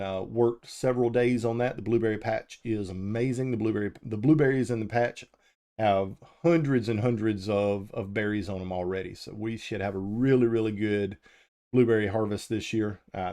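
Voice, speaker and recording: A man hosting a live firearms show, talking casually and answering viewers' chat questions, with frequent ums and uhs. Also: lowish voice. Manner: relaxed and conversational, with frequent "uh" and "um".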